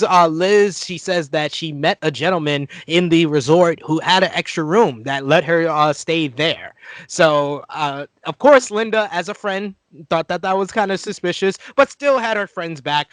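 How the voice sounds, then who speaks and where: A man in his thirties with a smooth, resonant voice, slightly high for a man. He recaps events in an easygoing way and fills his pauses with plenty of "uh". The sound is dry and close. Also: a bit bright, no room sound. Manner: recaps the story step by step, with many "uh" fillers. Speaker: podcast co-host. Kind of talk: casual review chat.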